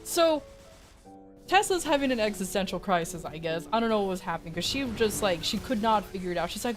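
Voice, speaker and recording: A woman streamer tells a casual story in a lively, swooping voice. She swears freely and acts out what others said. Soft music plays faintly underneath. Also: on the high side, moderate pace, pauses often. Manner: animated, profane, acts out quotes.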